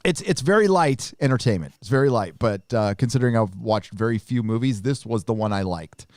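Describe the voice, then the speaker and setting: A man's voice: mid-range voice, animated, a little fast, darkish tone, dry recording. Rambling, profane male podcast host. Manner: profane, rambling, restarts often. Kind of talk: casual chat on a live show.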